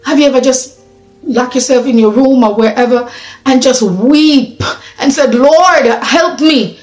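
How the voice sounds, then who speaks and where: A woman's voice: sits high, moderate pace, dark tone, reverberant, soft background music, low-quality recording. A woman preaching a sermon in an earnest, conversational way, asking her listeners questions.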